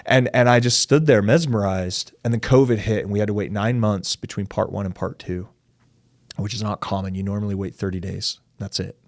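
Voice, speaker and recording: Gravelly low-voiced man telling his story. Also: steady tone, brisk, no room sound, clean studio sound. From United States. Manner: long-winded, acts out quoted dialogue, says dude and like. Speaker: podcast guest. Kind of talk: candid personal storytelling in an interview.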